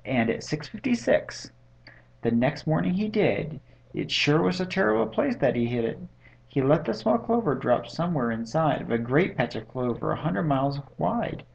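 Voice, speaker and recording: A man reads a rhyming picture book aloud at bedtime, keeping a lively, rhythmic beat. His voice has a gravelly edge. It is recorded at home on a webcam, so the sound is dull and lo-fi. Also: on the high side, moderate pace. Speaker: bedtime story reader. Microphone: webcam mic.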